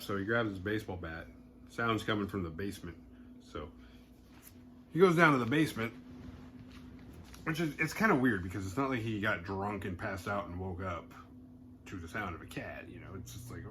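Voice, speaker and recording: A man casually retelling a horror film plot in a loose, rambling way, slipping into quick voiced asides. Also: on the low side, fairly bright tone, slight background noise. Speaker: horror movie podcast host. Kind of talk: casual movie recap.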